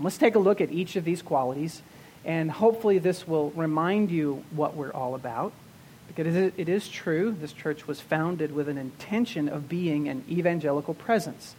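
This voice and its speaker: Pastor preaching a sermon, slowing on key words. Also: male voice, fairly high pitch, a little mellow, a little hiss or hum. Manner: teaching tone with frequent restarts and stammered repeats.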